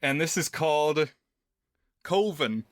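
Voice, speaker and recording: A man's voice: on the high side, a little slow, bright, forceful tone, no room sound, clean studio sound. A man co-hosting a film podcast, talking casually and thinking aloud with lots of fillers. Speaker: podcast co-host.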